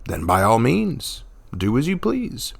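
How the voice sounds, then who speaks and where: A man reading a calm, slow-spoken monk. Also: mid-range voice, gravelly, breathy edge, voice pushed up, full character voice. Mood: serene.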